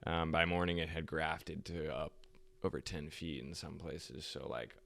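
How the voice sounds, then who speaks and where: A young man hosting a podcast recounts history in a meandering, profane style punctuated by frequent laughs. His bass voice is gravelly and a bit bright, unhurried, with little pitch movement.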